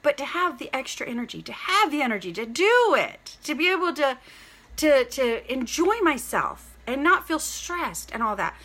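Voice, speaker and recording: Speaking at a normal speed in a high voice, a middle-aged vlogger chats to the camera in a loose, excited ramble. She says "like" and "literally" constantly and welcomes her viewers by name.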